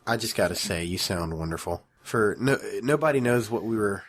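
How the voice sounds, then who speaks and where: A man's voice: on the low side, animated, fairly quick. A man co-hosting a casual podcast, teasing and interrupting his wife as she talks. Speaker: podcast co-host. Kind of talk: casual chat.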